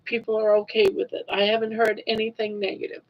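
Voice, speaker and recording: A woman's voice: medium pitch, flat delivery, a little fast, dull audio. An older woman crying on a casual livestream, tearful and grateful as she thanks her viewers. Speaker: crochet livestreamer.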